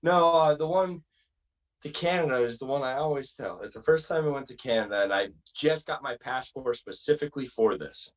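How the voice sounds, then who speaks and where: A man's voice: mid-range voice, fairly quick, muffled recording. A man from Massachusetts, a wrestler, telling a long road-trip story in a rambling, casual way. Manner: rambling, acts out quotes in other voices. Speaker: wrestler guest.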